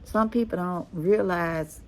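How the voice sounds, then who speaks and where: Slow-talking Texas Creole woman, low voice. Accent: Texas Creole, Louisiana and Galveston blend. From Texas, USA. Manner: slow, drawn-out talk, often saying "y'all". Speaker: vlogger. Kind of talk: casual chat to viewers. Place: rooftop outdoors.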